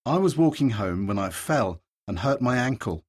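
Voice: medium pitch, lively intonation, normal speed, a little mellow, slightly rough. An actor playing a young adult male patient in a language-course dialogue. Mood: plain.

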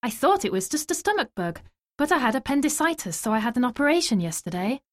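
An actress playing a friendly young woman patient in a language-course dialogue, talking in an expressive way. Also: high voice, fast. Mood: chatty.

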